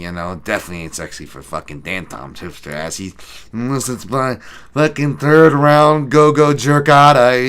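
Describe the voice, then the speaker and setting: A man hosting a casual betting podcast, profane and rambling, swinging from loud hype to low mutters. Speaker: podcast host.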